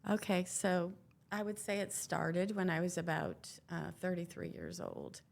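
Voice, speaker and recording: A woman's voice: fairly low pitch, animated, unhurried, vocal fry. An older woman, a guest on an interview podcast, telling her own story in an earnest, reflective way and quoting past conversations.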